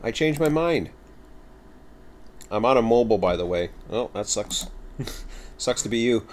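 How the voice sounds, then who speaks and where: A man's voice: mid-range voice, lively intonation, a little slow. A man casually chatting and rambling to his viewers while hosting a game livestream, poking fun at himself. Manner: rambling, chatty, self-mocking. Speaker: game streamer.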